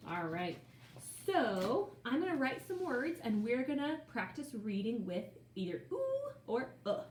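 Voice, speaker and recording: A woman teaching young children phonics, sounding out words slowly in a playful, sing-song way. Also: mid-range voice, a little mellow, reverberant, a little hiss or hum.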